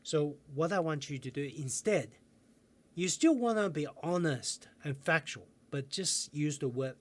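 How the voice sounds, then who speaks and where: A man coaching viewers in a self-help video lesson, calm and guiding, slowing down with pauses for breathing exercises. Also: on the high side.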